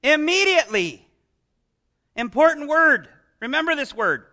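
A middle-aged pastor preaches with lively, conversational energy, constantly posing rhetorical questions to his listeners. His voice is unusually high for a man, very bright and sharp, and he speaks at a moderate pace.

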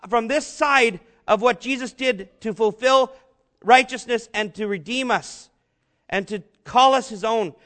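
A man preaching a sermon, asking the congregation rhetorical questions and slowing down to stress repeated phrases. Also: very high-pitched, sharp tone. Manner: rhetorical questions, emphatic slow repetitions. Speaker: pastor.

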